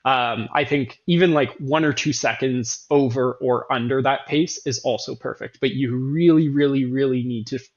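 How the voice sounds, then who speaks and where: A man's voice: mid-range voice, highs cut off. A man hosting a casual running talk, earnest and emphatic, often repeating words and correcting himself mid-sentence. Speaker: running coach host.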